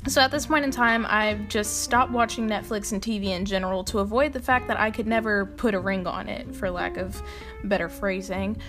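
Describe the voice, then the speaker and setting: Young woman video host, casual commentary, quick laughing asides, light music bed. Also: mid-range voice, fairly even intonation. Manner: chatty, laughing, exasperated asides.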